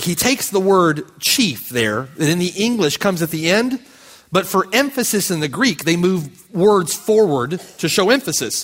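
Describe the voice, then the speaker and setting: A man's voice: fairly high pitch, fairly bright tone. A man preaching a sermon as pastor, speaking with impassioned, building emphasis.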